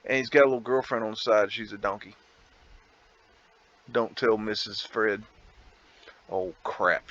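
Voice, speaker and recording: A man's voice: on the low side, bright, forceful tone. Rambling man, lo-fi recording. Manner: rambling, musing aloud with laughs. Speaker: vlog host. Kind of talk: casual photo commentary.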